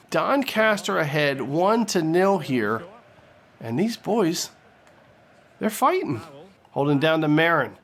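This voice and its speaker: A man doing comedic play-by-play commentary over his football video game, excitable and crude, shouting on big plays. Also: fairly high pitch. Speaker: gaming commentator.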